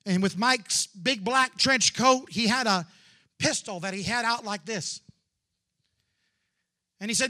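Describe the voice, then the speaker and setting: A man in his forties preaching a dramatic testimony, moving between hushed storytelling and loud fervor with drawn-out "uh" fillers. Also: high voice. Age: 40s. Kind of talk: sermon testimony.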